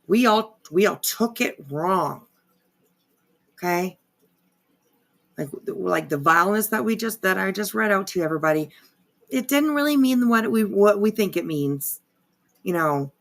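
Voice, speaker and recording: Slow, gravelly-voiced woman streamer. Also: medium pitch, lively intonation, fairly bright tone. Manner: rambling, many fillers, frequent swearing. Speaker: live streamer. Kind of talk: casual livestream commentary.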